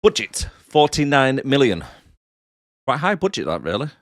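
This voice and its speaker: A man's voice: medium pitch, big pitch swings, moderate pace, dry recording. A British man hosting a casual podcast, talking into a headset with dry, teasing humour. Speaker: podcast host.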